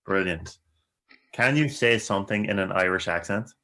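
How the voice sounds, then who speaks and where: A male podcast host asking short, upbeat rapid-fire questions. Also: low-pitched, bright, forceful tone.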